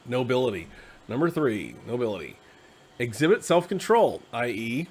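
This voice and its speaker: A tired man hosting a casual, rambling explanation of a tabletop game class, slipping into quick acted asides. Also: mid-range voice, animated. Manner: conversational, acts out quick quoted asides. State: tired, yawning.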